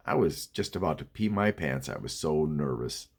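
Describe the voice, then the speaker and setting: A man's voice: extremely low pitch, lively intonation, normal speed, creaky, hardly any pauses, slightly rough. Chatty man telling a spooky story. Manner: chatty, restarts, asides to listener. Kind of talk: casual spoken horror storytelling.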